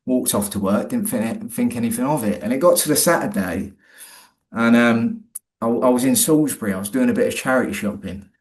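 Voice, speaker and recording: A man's voice: mid-range voice, a little fast. A man, a guest in an interview, telling a personal story in a rambling, colloquial way with many restarts.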